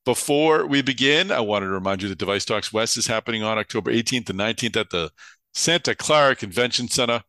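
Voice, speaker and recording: A man with a Boston accent hosts a podcast in a loose, chatty manner, full of filler uhs. His voice is bright, crisp and a touch low, and he sounds tired. The sound is very dry and close. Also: quick pace, hardly any pauses, no echo. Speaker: podcast host. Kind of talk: casual podcast intro and interview.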